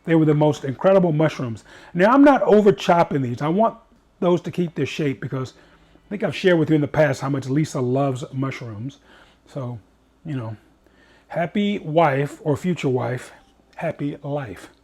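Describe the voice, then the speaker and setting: A man's voice: a little high, animated, moderate pace, a little mellow. A man hosting a cooking show, chatting in an upbeat way with rambling asides as he cooks. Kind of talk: casual cooking demonstration.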